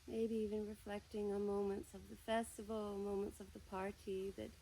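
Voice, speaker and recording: A woman from the American South leading a slow, soft-spoken guided yin yoga class, talking calmly between breaths. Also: mid-range voice, a little hiss or hum, low-quality recording. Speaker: yoga teacher.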